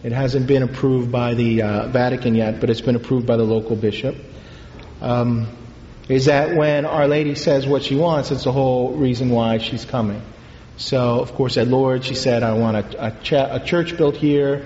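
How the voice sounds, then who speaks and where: A man, a priest, telling a story in a sermon, in an unhurried, halting way with pauses and fillers. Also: medium pitch, steady tone, darkish tone, slight background noise. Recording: echoey hall, dull lo-fi sound.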